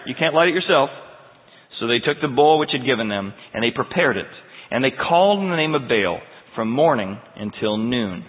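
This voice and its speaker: A man preaching a verse-by-verse sermon in an animated, emphatic storytelling style, heard with a tinny sound in a large hall. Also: mid-range voice, moderate pace. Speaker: pastor.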